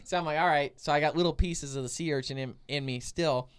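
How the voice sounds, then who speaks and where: A man hosting a podcast, telling an animated story in casual chat, laughing often and saying 'like' a lot. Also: on the high side, fast talker, smooth. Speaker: podcast host.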